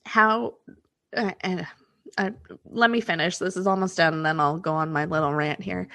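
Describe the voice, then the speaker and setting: A woman's voice: lowish voice, fairly even intonation, normal speed, a bit bright. A woman hosting a casual solo podcast, reading oracle cards and talking through her thoughts with lots of fillers. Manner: thinking aloud, many fillers. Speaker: podcast host and manifestation coach.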